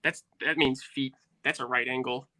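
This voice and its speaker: A man with a mid-pitched voice who makes quick, sarcastic remarks in a casual online chat. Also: steady tone, pushed and bright.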